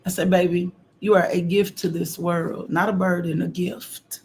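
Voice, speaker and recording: A middle-aged woman preaching a fervent morning devotional on a livestream, repeating phrases and breaking into loud exclamations. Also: fairly low pitch, level tone, normal speed. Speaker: host of a morning devotional stream. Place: home livestream.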